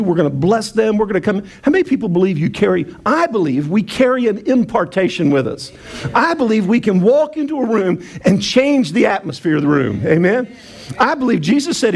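A man preaching a sermon in a high voice with a gravelly, fry-laden edge. He teases the congregation, calls for them to answer back, and stumbles through restarts as he goes. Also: a little mellow. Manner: playful, self-mocking preaching with call-and-response. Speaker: pastor.

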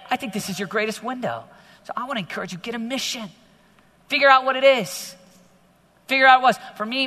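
A middle-aged man preaching to teenagers in a large hall, energetic and exhorting, often growing animated. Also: high-pitched. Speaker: youth speaker. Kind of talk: sermon to teenagers. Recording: long hall reverb.

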